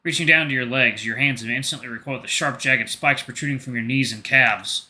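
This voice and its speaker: This gaming-channel host speaks briskly at a medium pitch. He reads the narration of a story game out loud, keeping it steady, and breaks in now and then with offhand comments and reactions.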